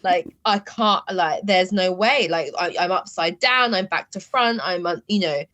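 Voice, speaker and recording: A woman speaking candidly as an interview guest, halting and emotional, with many fillers. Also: fairly low pitch, fairly bright tone. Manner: emotional, halting, heavy use of "like".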